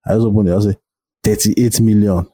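A man with a Nigerian accent talks in a loose, animated podcast chat, blunt and full of swearing. His voice sits low and dark, and he often jumps up in pitch when he acts out what others say. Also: a little fast. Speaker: podcast host. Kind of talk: casual chat.

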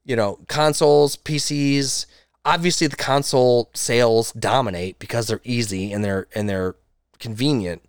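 A young man hosts a casual gaming podcast, ranting hard and swearing constantly. His voice sits at a middle pitch. The close mic sounds dry, with no room in it. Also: normal speed, clean tone, no room sound. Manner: profane, ranting, emphatic. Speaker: podcast host.

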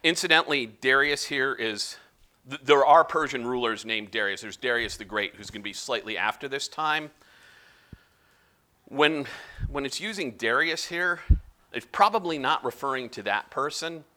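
A man giving a casual, animated Bible teaching, often slipping into quoted voices of the characters. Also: mid-range voice, moderate pace.

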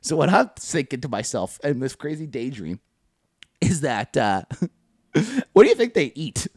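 A man's voice: on the high side, very animated, a little slow, pauses often, slightly rough, dry recording, studio quality. A young man co-hosting a podcast, talking in crude, rambling banter with frequent laughs. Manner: profane, rambling, laughs often, mocking voices. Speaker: podcast co-host.

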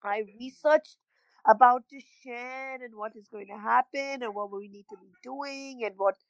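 Brief: middle-aged woman, earnest and halting, a bit high, dry close sound. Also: gravelly, no room sound, poor audio. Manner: halting, repeats words, emotional and earnest. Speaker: parent of a child with a rare illness, interview guest. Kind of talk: emotional personal interview.

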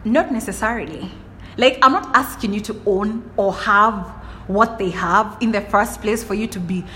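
A young adult woman hosting her own podcast, telling stories in a lively, chatty way and often saying "like" and asking "do you understand?". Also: medium pitch, moderate pace, slight background noise. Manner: animated storytelling, frequent "like" and "do you understand?". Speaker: podcast host. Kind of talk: casual solo monologue.

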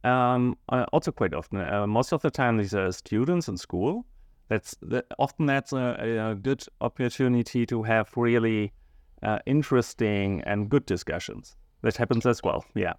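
A male schoolteacher answering interview questions hesitantly, often pausing and searching for words. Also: mid-range voice, dry recording, clean studio sound. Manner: hesitant, many fillers and restarts, searching for words.

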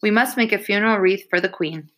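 A woman's voice: mid-range voice, fast, a bit bright, natural voice. A woman voicing an earnest, grieving ten-year-old boy in an audiobook reading, with a plain, pleading delivery. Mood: solemn.

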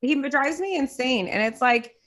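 A young woman in casual chat, telling a story with animated quoting and frequent swearing. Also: high-pitched, normal speed.

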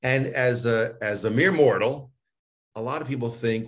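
A man's voice: medium pitch, moderate pace. A man working as a voice and speech coach, chatting casually in an online interview and telling stories animatedly, acting out quotes with frequent restarts. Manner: animated storyteller, acts out quotes, many restarts. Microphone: video call.

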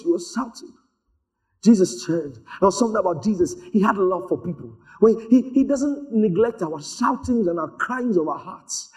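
A man preaching a sermon, telling stories in an animated way and slipping into voices for the people in them. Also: high-pitched, moderate pace. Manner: animated storytelling, acts out voices.

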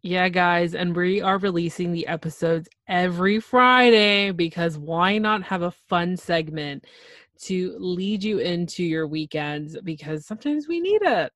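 Low-voiced, easygoing woman podcaster. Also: expressive, unhurried, fairly bright tone, no echo, clean studio sound. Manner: laughs easily, supportive. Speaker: podcast co-host. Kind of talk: casual podcast chat.

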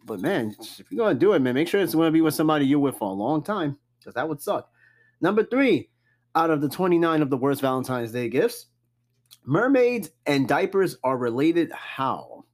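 A man hosting a casual solo podcast, reading out a list and reacting with loud, profane, joking comments. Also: fairly high pitch, brisk. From New York. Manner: animated, cussing, jokey reactions to a list. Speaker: podcast host.

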